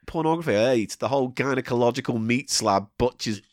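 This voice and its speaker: A man co-hosting a podcast, chatting casually and jumping into high playful sound effects. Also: a little fast, dry recording, studio quality. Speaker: podcast co-host. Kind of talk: casual banter.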